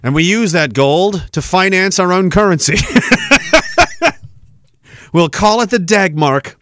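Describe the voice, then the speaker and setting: A man hosting a podcast, reading chat messages in a sarcastic, animated way, laughing often and swearing. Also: high voice, unhurried, no room sound, clean studio sound. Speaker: podcast host. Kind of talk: casual livestream commentary reading chat.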